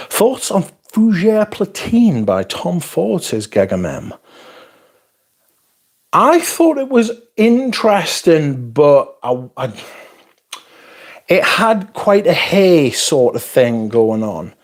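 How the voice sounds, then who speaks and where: A man's voice: on the high side, big pitch swings, measured pace, a little mellow. A man hosting a casual livestream, reading viewer comments aloud and rambling in a self-deprecating way. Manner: rambling and self-deprecating, trailing off mid-thought. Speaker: fragrance livestream host.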